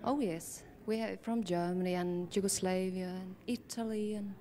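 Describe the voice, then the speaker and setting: A woman from Sweden, a native Swedish speaker, giving brief soft-spoken answers in a TV interview. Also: mid-range voice, steady tone, normal speed. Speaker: band member guest.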